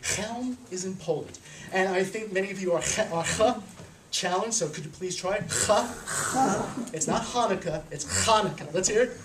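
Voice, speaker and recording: A man telling a folk story live to an audience, animated and chuckling. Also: sits high, normal speed, background noise. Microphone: small handheld camera from afar. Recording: roomy, from a distance.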